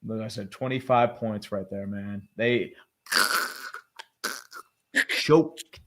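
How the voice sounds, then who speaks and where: A man's voice: fairly low pitch, steady tone, normal speed, background noise. A man co-hosting a casual sports podcast, blunt and sarcastic, who reads viewer messages aloud. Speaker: podcast co-host.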